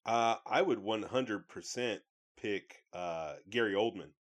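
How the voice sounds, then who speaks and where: A man's voice: on the low side, slow pace. A man co-hosting a podcast in casual chat, laid-back and using slang. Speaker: podcast co-host.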